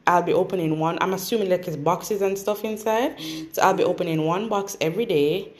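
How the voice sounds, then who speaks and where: A woman's voice: fairly low pitch, brisk, darkish tone, a little hiss or hum. A woman with a Jamaican accent chatting casually for a storytime vlog. She rambles along with asides and fillers. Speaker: vlogger. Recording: roomy echo.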